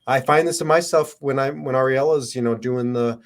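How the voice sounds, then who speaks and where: Mid-pitched man, reflective podcast talk. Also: brisk. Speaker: podcast co-host. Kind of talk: casual podcast conversation.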